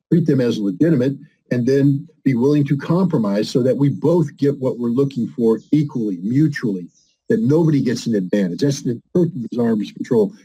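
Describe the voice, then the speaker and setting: A man's voice: medium pitch, warm tone, breathy edge, rough recording. An older man giving emphatic, argumentative commentary as a guest in a conversation. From United States. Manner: emphatic, argumentative, acts out quoted voices.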